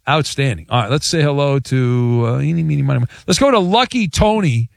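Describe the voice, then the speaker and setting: A man hosting a sports talk radio show, joking with callers and teasing his crew. His voice sits a little high for a man, and the studio mic sounds close and dry with no room around it. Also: animated, a little fast, creaky, no room sound. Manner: wisecracking, playful, mock outrage. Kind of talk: call-in talk radio banter. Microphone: studio broadcast mic.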